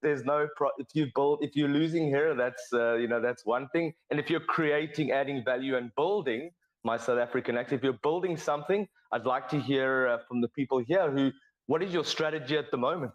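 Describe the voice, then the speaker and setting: A man in a casual online chat, asking a long question with many pauses and restarts. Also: mid-range voice, dull audio. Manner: rambling, hesitant, many uhs and restarts. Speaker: participant asking founders a question.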